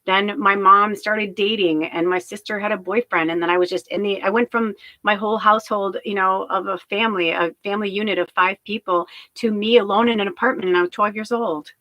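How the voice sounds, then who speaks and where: A woman's voice: medium pitch, no room sound, dull audio. A woman talking candidly on a livestream, rambling and emotional, swearing freely. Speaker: spiritual medium streamer.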